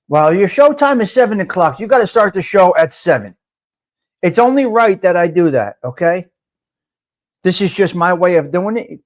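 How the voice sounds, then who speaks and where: Man, live-stream host, high voice, loud, swearing, chatty. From North Jersey. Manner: loud, profane, talks to viewers by name. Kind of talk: casual live-stream chat.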